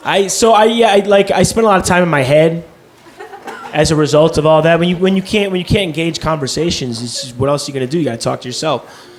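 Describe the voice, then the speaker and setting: High-voiced young male stand-up comic. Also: fast. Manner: rambling, profane, self-deprecating. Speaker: stand-up comedian. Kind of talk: stand-up set. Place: comedy stage before a live audience. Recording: live club recording with loud crowd noise.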